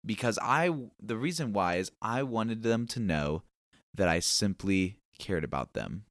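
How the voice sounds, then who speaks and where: A man hosting a podcast, sharing a personal faith story as a lively storyteller who acts out the dialogue. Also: low-pitched, moderate pace, no room sound, studio quality. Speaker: podcast host.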